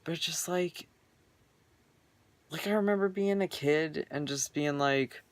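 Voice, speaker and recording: A man's voice: fairly high pitch, takes it slowly, dry recording. A young man vlogging casually from his bedroom, rambling earnestly with lots of filler words. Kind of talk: casual personal vlog.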